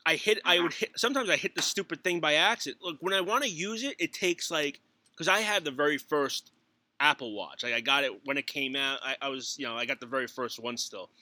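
A middle-aged man telling stories in casual chat as a podcast co-host, animated, laughing often and swearing. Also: a little high, a little fast, no room sound.

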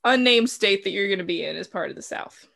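A young woman co-hosting a podcast in casual chat, teasing and blunt with an animated delivery, recorded over a remote call. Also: medium pitch, quick pace, vocal fry. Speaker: podcast co-host.

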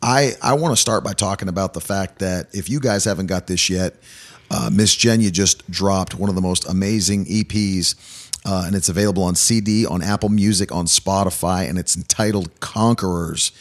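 Upbeat low-voiced male podcast host. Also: moderate pace. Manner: upbeat, energetic, chatty with fillers. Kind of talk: casual interview chat. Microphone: studio mic.

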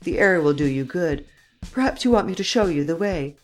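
Woman reading as a suave gentleman thief. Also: lowish voice, expressive, fairly quick, faint music behind, lightly acted. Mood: mocking. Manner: cool, mocking, self-assured. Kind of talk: audiobook character reading.

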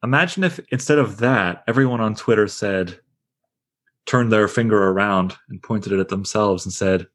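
A man with a lowish voice leads a book discussion for a podcast. He muses out loud, poses questions to the group and reads passages from the text. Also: normal speed. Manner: reflective, asks questions, reads passages aloud. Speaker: discussion leader.

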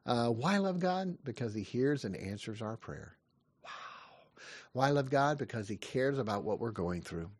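A man in his fifties preaches earnestly, with rising questions and quick asides. His voice is dry and close, with a middle pitch. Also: lively intonation, no echo. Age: 50s. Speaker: pastor. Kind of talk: short devotional sermon.

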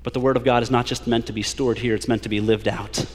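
A man preaching a sermon as a pastor, building to emphatic peaks and slowing down to read scripture aloud. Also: medium pitch, little pitch movement, big-room sound. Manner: preaching with rising emphasis, drawn-out scripture quotes. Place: church sanctuary.

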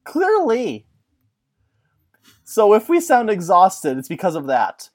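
Casual podcast host, playful, tends to drift into silly put-on accents. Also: male voice, high voice, wildly swooping pitch, takes it slowly, a little mellow. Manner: jokey, puts on mock accents.

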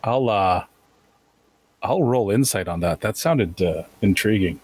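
A man playing a tabletop game who talks in a halting way, full of fillers. His voice is low and a little husky. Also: lively intonation, a little mellow. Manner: hesitant, with many fillers. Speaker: player. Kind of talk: casual chat in a tabletop game.

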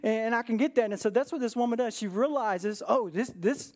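A male pastor preaching a sermon in a conversational way, checking in with "right?" and moving between lively and hushed delivery. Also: very high-pitched, a little fast. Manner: conversational, with frequent "right?" asides.

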